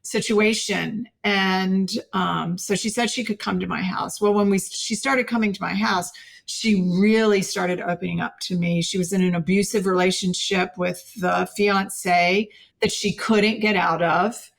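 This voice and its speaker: A middle-aged woman guesting on a podcast recounts a personal faith story with earnest animation, voicing the dialogue herself. Her voice is mid-range and creaky, and she keeps a measured pace.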